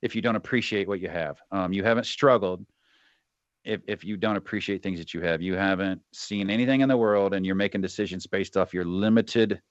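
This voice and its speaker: A man's voice: deep voice, brisk, no room sound, highs cut off. A middle-aged man and retired soldier talking bluntly and with profanity as a podcast guest, often acting out quoted voices. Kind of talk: candid interview talk.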